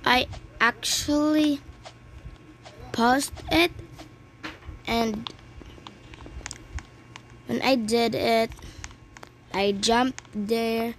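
A woman from the Philippines, giving excitable, chatty commentary on her gameplay with many exclamations. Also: fairly high pitch, extremely slow, pauses often, low-quality recording. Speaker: gaming channel host. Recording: clear background noise with clicks.

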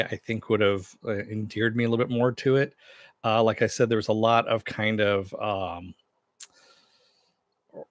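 A man's voice: lowish voice, dry recording, studio quality. A middle-aged man casually reviewing a series, rambling with many fillers and restarts.

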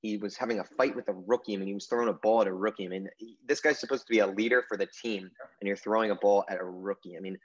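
A man with a lowish voice rattles off sports opinions at a quick clip as co-host of a casual podcast. He rambles and leans on fillers. The recording sounds dull and lo-fi. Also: steady tone. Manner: rambling, heavy on "I mean" and "you know" fillers.

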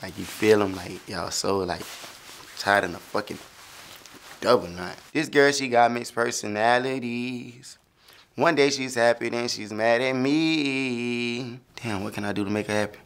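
A man's voice: medium pitch, a little slow, a bit bright, clear, resonant tone. A young man talking casually through his own song lyrics, loose and laughing, slipping into sung lines now and then. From Florida. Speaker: rapper explaining his lyrics.

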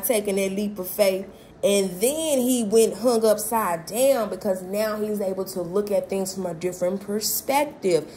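A woman's voice: medium pitch, a little mellow. A woman giving a casual tarot reading from inside a car. She is chatty and swears freely, and often checks in with "okay?". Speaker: tarot reader. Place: inside a car while traveling.

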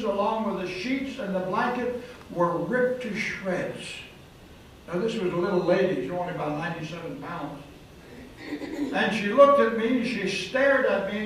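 A man's voice: high-pitched, a bit bright. A male preacher telling a dramatic story in a sermon, recorded in a hotel event hall. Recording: echoey hall from far off, faint noise.

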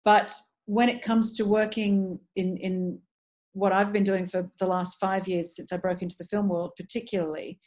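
An articulate middle-aged Australian woman chatting about her craft as a dialect coach. She speaks at an everyday pitch, animated and thoughtful, often circling back and restarting phrases as she works out her point. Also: moderate pace. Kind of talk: casual interview chat.

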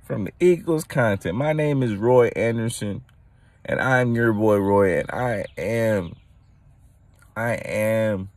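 A man hosting his own podcast, talking loosely and excitedly, rambling with restarts and laughing at his own jokes, a bit tired from little sleep. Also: on the low side, takes it slowly, no room sound. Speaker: podcast host. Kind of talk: casual solo podcast rant.

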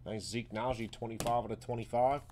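A man hosting a live sports card break, calling out each card and getting excited over big pulls. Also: mid-range voice, fairly quick, background noise.

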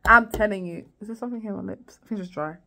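A woman's voice: medium pitch, rapid-fire, gravelly, noisy background. A woman recapping a TV series in a casual vlog, rambling with lots of fillers and restarts and acting out lines. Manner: rambling, many fillers and restarts, acts out quotes. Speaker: TV series reviewer.

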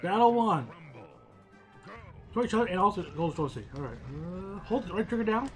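A man co-hosting a casual game playthrough, joking, laughing often and breaking into excited exclamations. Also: high-pitched, fairly quick, faint music behind. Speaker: let's play co-host. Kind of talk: casual gameplay chat.

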